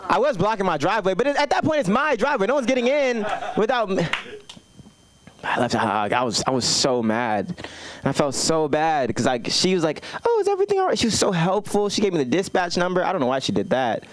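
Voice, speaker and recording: Guy doing standup, kinda high voice, loose and swearing a lot. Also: very animated, brisk, crowd noise. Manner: casual, profane, acts out phone calls in high voices. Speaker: stand-up comic and host. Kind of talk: stand-up set. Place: comedy club stage.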